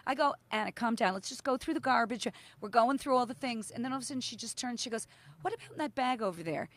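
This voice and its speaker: Animated high-voiced woman telling stories. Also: fast talker, no room sound. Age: middle-aged. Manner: animated storyteller acting out quotes, swearing. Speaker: podcast co-host. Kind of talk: casual chat.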